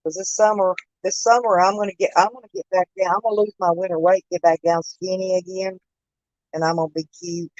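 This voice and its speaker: A woman's voice: on the low side, fairly even intonation, a little fast, a little mellow, dry recording, dull audio. Chatty woman on a phone stream. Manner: chatty, laughs a lot, talks to viewers by name. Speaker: host of a live chat stream. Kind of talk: casual chat.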